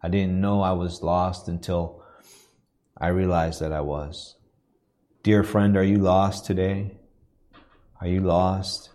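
A low-pitched, warm-toned man preaches in church as a missionary, keeping his intonation fairly even. He tells a personal story in an earnest, stop-start way that grows into a preaching cadence.

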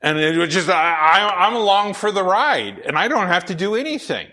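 Man, middle-aged, deep radio voice, pastor, casual storytelling sermon, lots of fillers. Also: big pitch swings, normal speed, sharp tone. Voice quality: deep, full radio-style voice. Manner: conversational storytelling, many fillers and restarts.

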